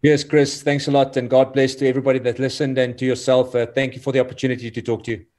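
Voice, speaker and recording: A man speaking as an interview guest, earnest and motivational, often halting and repeating words. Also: medium pitch, flat delivery, a little mellow. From South Africa. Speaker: guest, former rugby player. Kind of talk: casual interview chat.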